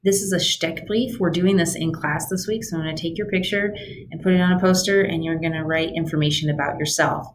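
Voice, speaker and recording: A woman's voice: fairly low pitch, fairly quick, slight background noise. A woman German teacher walking students through homework on a screen recording, chatty and patient, explaining step by step.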